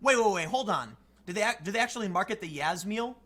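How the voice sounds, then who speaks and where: A young man ranting casually as a streamer, animated and sarcastic. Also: sits high, fast. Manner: animated and sarcastic, with frequent mocking quotes.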